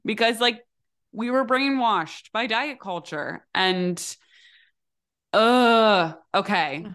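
A woman's voice: fairly high pitch, slow, fairly bright tone. A young adult woman co-hosting a podcast as a dietitian, talking in an emotional, swearing, casual chat style with lots of restarts.

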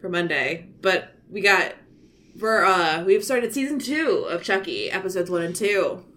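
Chatty Baltimore woman with a lively voice. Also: on the low side, measured pace. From Maryland, USA. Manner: chatty, rambling with restarts and fillers, swears casually. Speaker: podcast co-host. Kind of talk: casual chat.

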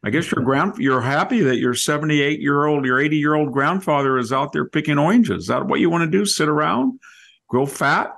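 A man's voice: fairly high pitch, brisk, creaky, a bit bright, pitched above the performer's own voice. A man voicing his sarcastic, scolding farmer father, firing off mocking rhetorical questions.

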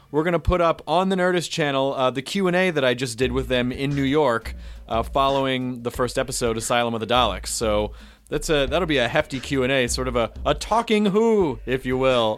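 A man from the Southern United States hosting a podcast, chatting casually and playfully, with light jokes and ad reads. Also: mid-range voice. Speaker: podcast host.

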